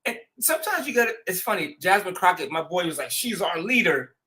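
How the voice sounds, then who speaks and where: A fast-talking man with a high-pitched voice hosts a show and rattles off casual stories. Lively and slangy, he performs quotes and punctuates them with laughs.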